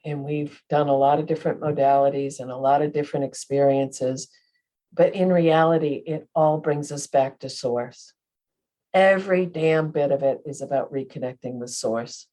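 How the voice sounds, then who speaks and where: A woman's voice: low voice, steady tone, normal speed, mellow. A woman co-hosting a spiritual podcast, talking in a rambling way and often stopping to search for her words. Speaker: podcast co-host, medium. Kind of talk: casual spiritual chat.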